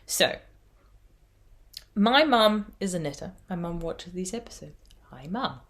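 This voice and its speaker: A woman's voice: fairly low pitch, lively intonation, a little slow, a bit bright. A woman with an Irish accent hosting a knitting podcast, chatting casually in a rambling way and laughing at herself. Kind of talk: casual chat.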